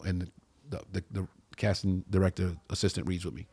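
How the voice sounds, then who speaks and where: A man's voice: deep voice, fairly quick, breathy edge. A man telling a long story on a casual talk show, acting out what others said and swearing freely. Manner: animated storyteller, acts out quoted voices, swears freely. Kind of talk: casual storytelling among friends.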